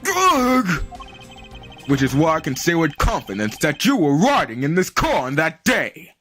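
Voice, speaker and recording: A man's voice: on the high side, big pitch swings, moderate pace, fairly bright tone, faint music behind. A man co-playing a game stream, chatting casually and reading dialogue aloud with dramatic flair. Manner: playful, reads lines with dramatic flair.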